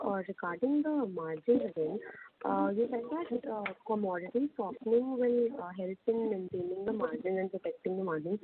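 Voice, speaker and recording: A woman, an analyst asking a hesitant question with many fillers. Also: medium pitch. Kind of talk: call question. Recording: tinny phone line with faint hiss.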